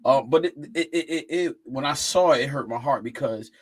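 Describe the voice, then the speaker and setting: A man hosting a casual chat, rambling and halting with many restarts. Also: mid-range voice, husky, poor audio. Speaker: host.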